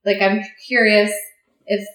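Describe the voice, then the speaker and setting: A woman in casual conversation, wandering from thought to thought with frequent giggles and offhand swearing. Her voice sits at a middling pitch. The room around her rings with echo. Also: little pitch movement, measured pace, a bit bright. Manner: giggly, rambling, curious, swears freely. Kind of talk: casual chat.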